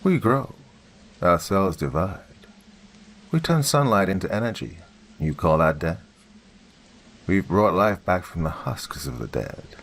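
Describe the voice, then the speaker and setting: Man doing a deep monotone tree spirit. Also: full character voice. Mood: ominous. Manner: slow, flat, ominous. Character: deep monotone tree entity, male, menacing.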